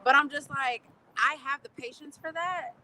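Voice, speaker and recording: A young woman chats casually as co-host, animated and rambling, often restarting her sentences. Her voice is bright and a little high, with faint noise in the background. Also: moderate pace, poor audio. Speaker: co-host reading viewer comments. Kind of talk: casual chat.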